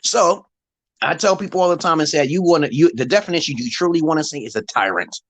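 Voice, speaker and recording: A man's voice: a little high, expressive, fast, fairly bright tone, dry recording. A middle-aged man hosting a live stream from his phone, rambling in a profane, opinionated monologue. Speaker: livestream host.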